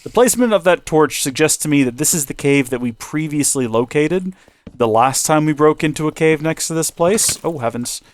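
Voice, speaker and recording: A man giving relaxed, rambling commentary over his gameplay, chatting away to himself and his viewers. His voice sits a little high for a man. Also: moderate pace. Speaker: video game let's-play host.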